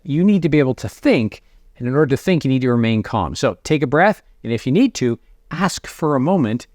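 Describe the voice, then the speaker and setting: A man's voice: medium pitch, no room sound, studio quality. Upbeat middle-aged man coaching sales. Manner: energetic, conversational, acts out sample lines to prospects. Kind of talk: direct-to-camera coaching talk.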